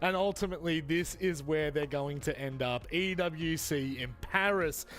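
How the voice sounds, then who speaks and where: A man hosting a live esports broadcast desk, energetic and jokey. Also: fairly high pitch, moderate pace, faint music behind.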